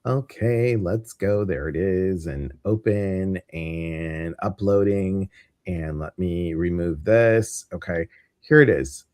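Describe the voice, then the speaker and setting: A man's voice: low voice, slow pace, darkish tone, dry recording, clean studio sound. A man with a Midwestern American accent hosting a casual livestream, chatty and rambling with lots of fillers. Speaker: host.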